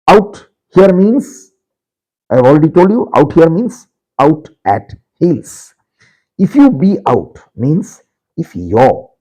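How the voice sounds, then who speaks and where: A man teaching a literature lesson, slowly repeating and explaining each word and addressing his students directly. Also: a little high, dark tone, breathy edge, poor audio. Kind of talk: explanatory lecture.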